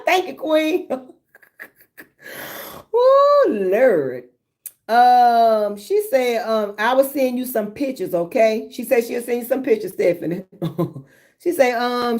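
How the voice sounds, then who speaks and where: A woman spins a story for her livestream viewers, laughing often. Her pitch sits a little high and swings widely as she talks. She chats in a loose, drawling way. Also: sing-song, a little slow, a little mellow. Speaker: livestream host. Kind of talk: casual chat with live viewers.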